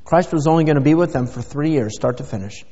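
His voice on the high side yet dark in tone, a pastor preaches quickly in the sanctuary. Rhetorical questions drive his emphatic sermon home. The recording is lo-fi and dull, with a long church echo.

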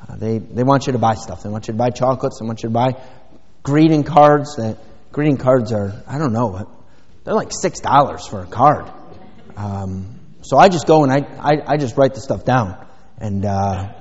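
Folksy middle-aged pastor in a hall. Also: male voice, mid-range voice. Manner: rambling, folksy, many fillers. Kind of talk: sermon. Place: church sanctuary. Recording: dull sound with long hall reverb.

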